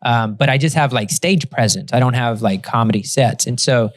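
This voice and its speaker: A man's voice: mid-range voice, moderate pace, no echo, studio quality. A man guest on a podcast, telling a story in loose casual chat with lots of swearing and fillers.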